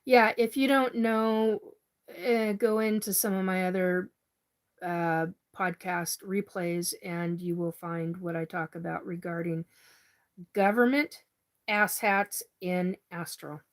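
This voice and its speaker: Low-voiced woman hosting a casual live stream. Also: steady tone, slow pace. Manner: chatty, swears when angry. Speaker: livestream host reading viewer comments.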